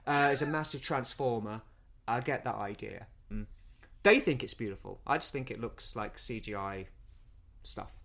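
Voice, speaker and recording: A man's voice: mid-range voice, moderate pace, vocal fry, a bit bright. A man co-hosting a podcast and recapping a film plot in casual chat, with many repeated words and restarts. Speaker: podcast co-host.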